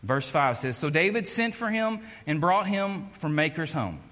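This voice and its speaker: A man's voice: on the high side, big pitch swings, moderate pace, fairly bright tone, long reverb tail. A man preaching a conversational sermon, joking at his own expense and restarting his sentences often. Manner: conversational and self-deprecating, with many restarts. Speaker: pastor.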